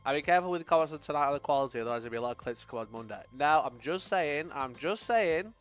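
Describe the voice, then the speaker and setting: A young man talks loosely to his stream chat, his fairly high voice swooping up and down, with faint music playing behind him. He swears freely, laughs a lot, and shifts between loud outbursts and muttering. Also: animated, rapid-fire, smooth. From Sheffield, England. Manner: sweary, laughs often, swings loud and quiet. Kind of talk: casual live-stream chat.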